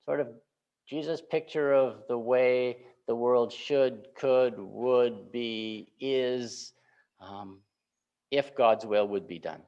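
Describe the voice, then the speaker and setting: A male pastor giving a relaxed, conversational sermon, often checking in with the congregation by asking "right?". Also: medium pitch, slow pace. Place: church sanctuary. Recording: slightly muffled church recording.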